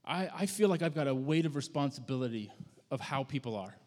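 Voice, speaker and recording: A man preaching a sermon, telling a story in a conversational, halting way with frequent restarts. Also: medium pitch, animated, darkish tone. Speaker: pastor. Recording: long hall reverb.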